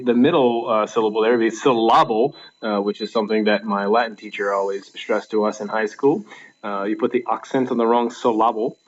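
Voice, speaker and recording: A male teacher walks through a video lesson in a plain, instructive way, filling pauses with ums and uhs. His voice sits mid-range for a man. The audio is dull and lo-fi. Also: mid-range voice.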